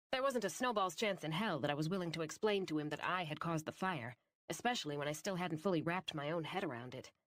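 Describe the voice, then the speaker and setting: Audiobook narrator: woman, first-person fantasy read, low-ish voice, wry, dead-dry booth sound. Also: no room sound.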